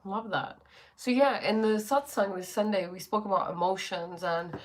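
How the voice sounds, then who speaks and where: A woman's voice: mid-range voice, moderate pace. A woman hosting a casual spiritual livestream from her bedroom. She speaks reflectively, with a sore throat, greeting viewers and using many fillers.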